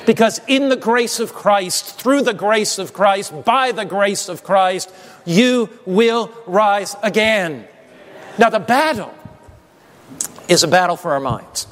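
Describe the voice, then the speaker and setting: A man's voice: high-pitched, expressive, unhurried, fairly bright tone. A man preaching a sermon, emphatic and prompting the congregation to call back answers. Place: church sanctuary. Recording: long hall reverb.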